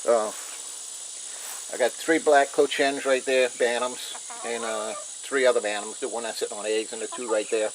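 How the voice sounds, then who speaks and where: Brief: man, folksy homestead vlogger, mid-pitched, loud insect noise behind. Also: fairly even intonation, normal speed. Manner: folksy, talks straight to viewers as "y'all" and "guys". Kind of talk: casual chat to camera. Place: outdoors on a rural homestead.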